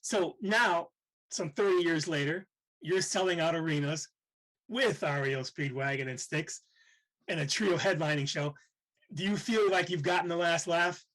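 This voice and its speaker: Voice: mid-range voice, normal speed, a bit bright, low-quality recording. Interviewer asking a prepared question. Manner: prompting, sets up stories with cue words.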